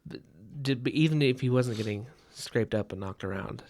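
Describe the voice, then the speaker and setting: A man's voice: medium pitch, moderate pace, darkish tone, slight background noise. Musing man who stammers and repeats. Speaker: podcast co-host. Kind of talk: casual book discussion.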